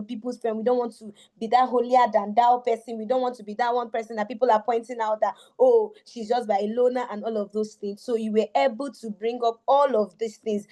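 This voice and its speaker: A woman coach speaks with a mellow, dark-toned voice, pitched a little high. She praises a book effusively and repeats her phrases for emphasis. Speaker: teens coach giving a book review. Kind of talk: enthusiastic spoken book review.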